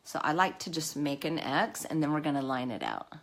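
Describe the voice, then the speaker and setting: This makeup live-stream host has a low, expressive voice and talks a little fast. Through her casual tutorial she's chatty and nervous, makes self-deprecating jokes as she works, and has a nervous cough.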